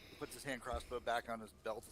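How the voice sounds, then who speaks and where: A man narrating as game master in a tabletop game, casual and halting, with many fillers. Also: medium pitch, little pitch movement, fairly bright tone, slight background noise.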